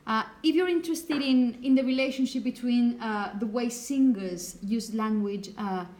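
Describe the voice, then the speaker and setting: A woman's voice: a little high, moderate pace, darkish tone. A woman teaching a phonetics class in a classroom, chatty and apologetic, putting questions to her students. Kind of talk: classroom lecture.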